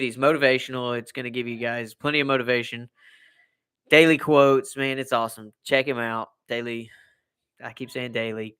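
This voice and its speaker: A man's voice: mid-range voice, pushed and bright, clean tone. An American man hosting a casual live stream from home, rambling and repeating himself as he chats to viewers. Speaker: livestream host.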